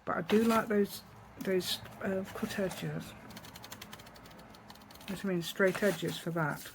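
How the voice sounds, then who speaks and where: Woman with East Midlands accent, craft tutorial chat, gravelly voice, faint room hiss. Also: medium pitch, slow pace. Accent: East Midlands English. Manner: chatty, rambling, asks tag questions, laughs often.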